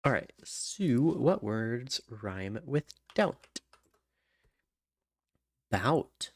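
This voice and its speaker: Slow, muttering man hums lyric ideas. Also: mid-range voice, sing-song, no echo. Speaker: songwriter. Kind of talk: thinking aloud while writing lyrics.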